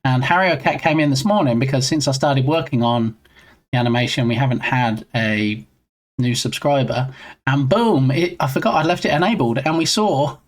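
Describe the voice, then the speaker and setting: A man streaming live while he works on his game, chatting casually and answering viewers in a self-deprecating way. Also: mid-range voice.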